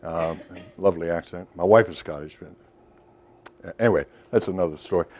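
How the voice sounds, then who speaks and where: A man's voice: low voice, normal speed, darkish tone, slight background noise. A middle-aged man giving a workshop lecture in a loose, storytelling way, with asides and questions to the audience. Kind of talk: recorded lecture to a professional audience.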